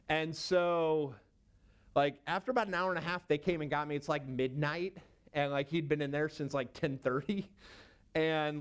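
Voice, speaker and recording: A man's voice: on the high side, smooth. A man in his thirties, a youth pastor, telling a personal story in a casual, rambling way with many fillers.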